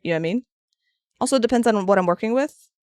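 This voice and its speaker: A woman's voice: medium pitch, racing, a little mellow, clear, resonant tone, no echo. A woman streaming as she sculpts and paints, chatting casually and answering her viewers. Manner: chatty and rambling, answering chat with frequent restarts. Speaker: craft streamer.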